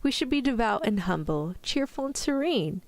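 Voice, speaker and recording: A mild, pious male country vicar who speaks in a measured, agreeable way with a put-on British accent, as a woman reads him out in a soft-spoken ASMR storybook. The voice stays close to her own. The sound is dry and close. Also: fairly high pitch, very animated, dry recording.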